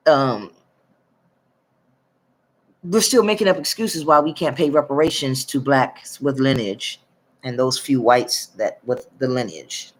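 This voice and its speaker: A woman from the northern United States, talking to her channel in a loose, rambling way as she reads out figures, with many pauses and self-corrections. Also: extremely low pitch. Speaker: YouTube commentator. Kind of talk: casual monologue reading from documents.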